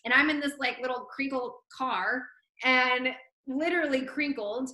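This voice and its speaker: A woman podcast host telling a story from her life in casual chat, animated and laughing often, acting out what people said. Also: high voice, moderate pace. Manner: animated, laughs often, acts out quoted lines. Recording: roomy echo.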